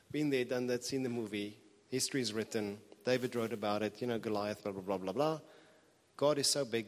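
A man delivers a sermon from the pulpit, talking earnestly and informally, with animated stress on key points. His voice sits in a middle register. It rings with the long reverb of a church hall. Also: mid-range voice. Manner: earnest, conversational preaching with animated emphasis. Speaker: preacher.

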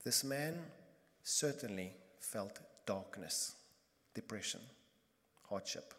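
A man preaching a sermon as pastor, emphatic and impassioned, repeating phrases and swinging between loud bursts and hushed moments. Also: fairly low pitch, lively intonation, slow pace. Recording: long reverb of a large hall.

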